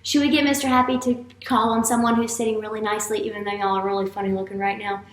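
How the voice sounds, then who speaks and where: A woman teacher leading a playful morning message for young students, with an animated, exaggerated manner. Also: medium pitch, quick pace. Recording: echoey room.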